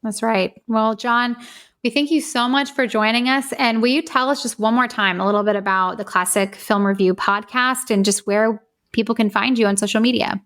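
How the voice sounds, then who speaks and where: A woman's voice: a little high, steady tone, moderate pace, a bit bright. Upbeat woman podcast co-host. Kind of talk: casual chat and show outro.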